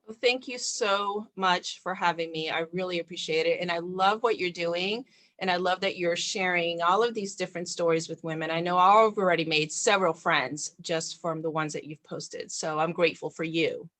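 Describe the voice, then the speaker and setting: A woman's voice: on the low side, steady tone, normal speed, a bit bright, no room sound. A woman motivational speaker, a guest on an interview show, talking in an earnest, encouraging way.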